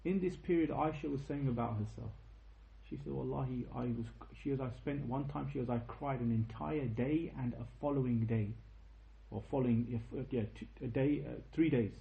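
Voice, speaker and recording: A young man giving an informal religious lecture, telling a story with lively asides and checking questions to his listeners. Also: medium pitch, moderate pace, vocal fry, roomy sound, dull audio. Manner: animated storytelling, tag questions, quotes in Arabic. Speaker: teacher of a history lesson.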